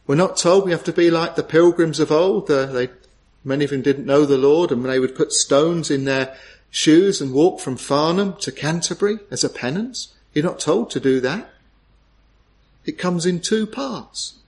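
Brief: male preacher, slightly high voice, earnest and pleading, full of rhetorical questions. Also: moderate pace, a little mellow. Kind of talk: sermon.

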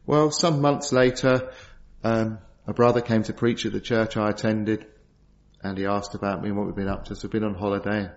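A man's voice: on the low side, fairly even intonation, brisk. A middle-aged man preaching a sermon, earnest and storytelling, asking rhetorical questions. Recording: dull lo-fi sound.

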